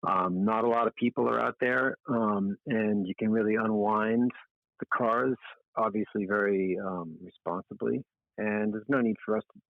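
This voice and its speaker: A man's voice: fairly low pitch, steady tone, moderate pace, vocal fry, dry recording. Middle-aged man on a tinny phone line. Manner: chatty, rambling, self-deprecating. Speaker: magazine editor-in-chief, guest. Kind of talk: casual interview talk.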